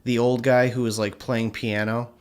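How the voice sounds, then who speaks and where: A young man co-hosting a podcast in casual chat, relaxed, swearing casually and laughing. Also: mid-range voice, normal speed, clean tone. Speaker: podcast co-host.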